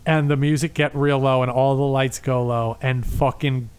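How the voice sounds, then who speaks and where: A man co-hosting a podcast in casual chat, telling an excited story full of swearing and acted-out dialogue. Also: mid-range voice, moderate pace, clear, resonant tone. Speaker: podcast co-host.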